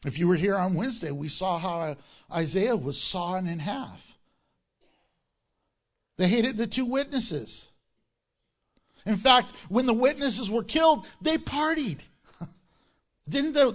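A man's voice: high-pitched, animated, takes it slowly, pauses often. A man preaching a sermon as pastor, emphatic, asking rhetorical questions and acting out mocking quotes.

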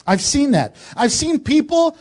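A man's voice: extremely high pitch, big pitch swings, unhurried, darkish tone. A male pastor preaching a sermon in a conversational way, with joking asides.

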